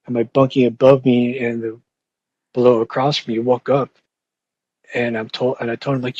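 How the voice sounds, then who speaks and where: Husky young man, flat monotone delivery, casual swearing storyteller, dull lo-fi sound. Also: mid-range voice, fairly quick, no echo. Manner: rambling, profane, with fillers and restarts. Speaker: podcast host.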